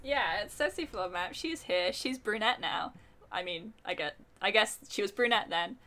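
A woman co-hosting a casual film chat, chatty and quick to laugh. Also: mid-range voice, lively intonation, pushed and bright, a little hiss or hum. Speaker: podcast co-host.

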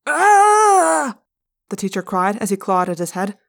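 A woman narrating a fan read-aloud chapter in an expressive style, recorded in a hotel room. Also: medium pitch, quick pace.

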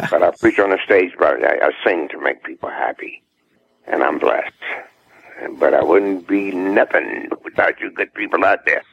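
A man's voice: low voice, unhurried, gravelly, husky. An older man from the American South, a singer chatting in a radio interview, laughing often and repeating himself. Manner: laughs often, repeats words, warm down-home talk. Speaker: guest singer. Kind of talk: relaxed interview chat. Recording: dull muffled radio recording.

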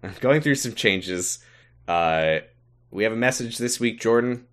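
A man's voice: fairly low pitch, animated, measured pace, a bit bright. A man co-hosting a casual podcast, reading out the support tiers with wry, offhand swearing. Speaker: podcast co-host. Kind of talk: casual podcast chat, reading sponsor thanks.

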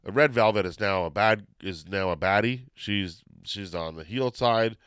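Smooth-voiced rambling podcast host. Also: male voice, fairly low pitch, measured pace, no echo. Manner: rambling, excitable, loses his train of thought. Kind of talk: casual podcast chat.

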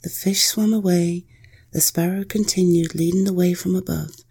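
A woman narrating a bedtime story in a slow, soft whisper. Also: on the low side, fairly even intonation, gravelly, breathy edge.

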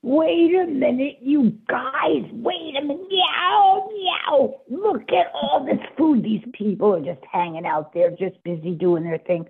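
A woman voicing a greedy, food-obsessed cat that meows and coaxes in an excitable way. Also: high-pitched, measured pace, few pauses. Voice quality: meowing, creaky. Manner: wheedling and excitable. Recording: tinny phone-line audio.

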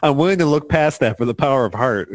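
Lively man joking on a podcast. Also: mid-range voice, fast talker, no echo, clean studio sound. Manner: joking, animated, laughs often. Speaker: podcast co-host. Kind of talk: casual comedic chat.

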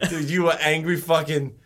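A man's voice: on the high side, slow, a bit bright. A man co-hosting a podcast, teasing and swearing in casual banter from a small office studio. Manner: teasing, swearing, echoes his co-host. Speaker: podcast co-host.

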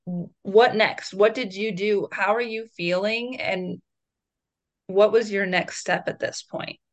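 A woman's voice: medium pitch, steady tone, slow. A woman co-hosting a podcast, supportively prompting her guest with short questions. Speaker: podcast co-host. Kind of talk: interview questions.

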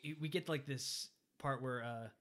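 A man chatting casually about a film, animated and quick to act out lines in passing. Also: medium pitch.

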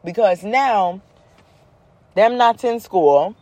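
A woman chats casually to camera, rambling and joking as she acts out everyday scenes. Her voice is mellow and soft-edged. The sound is dry and close, with no room around it. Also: mid-range voice, a little slow, no echo. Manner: rambling, joking, animated retelling. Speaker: mother, vlogger. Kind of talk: casual storytelling vlog.

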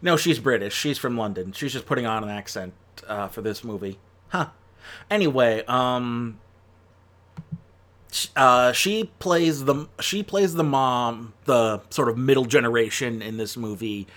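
A man's voice: mid-range voice, fairly bright tone. A man giving a casual spoken film review, chatty and rambling, with lots of fillers and self-corrections. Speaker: movie reviewer.

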